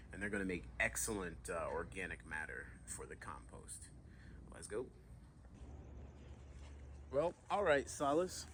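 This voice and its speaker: A man's voice: lowish voice, fairly bright tone, a little hiss or hum. Chatty man counting plants aloud. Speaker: vlogger gardener. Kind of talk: casual garden vlog. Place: outdoor garden.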